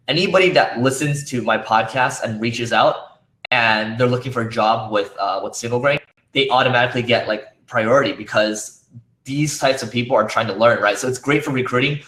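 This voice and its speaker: A man's voice: mid-range voice, a bit bright. A man speaking at a conference, talking casually with many fillers and restarts, his voice worn from use. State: losing his voice. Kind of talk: conference talk. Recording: roomy echo.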